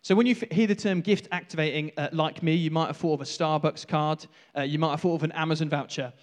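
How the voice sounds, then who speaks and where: A man preaches with a fairly high voice that carries a long hall reverb. His sermon is light-hearted, and he pokes fun at himself between points. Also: fairly even intonation, fast talker. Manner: light-hearted, self-mocking asides.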